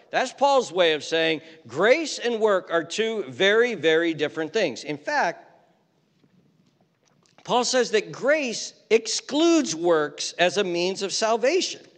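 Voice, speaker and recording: A man preaching a sermon, stressing his points firmly and slowing right down when he reads scripture. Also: sits high, fairly bright tone, in a large hall. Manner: emphatic, slows down hard on scripture quotes. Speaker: pastor. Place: church.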